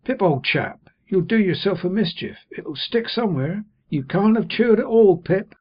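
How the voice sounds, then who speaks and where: Brief: man doing a kind blacksmith, husky, higher and louder than the reader, fretful, dull lo-fi audiobook sound. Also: expressive, normal speed. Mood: anxious. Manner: earnest, confiding, fretful. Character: kindly simple-hearted blacksmith man, gentle and worried.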